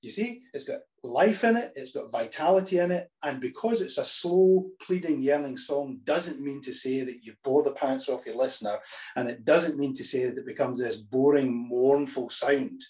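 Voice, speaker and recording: Brief: male choral coach, mid-pitched voice, explains and sings out demo phrases, restarts mid-sentence. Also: moderate pace, a little mellow. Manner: demonstrates phrases by singing, restarts often. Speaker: choral music teacher. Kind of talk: spoken singing workshop with sung examples.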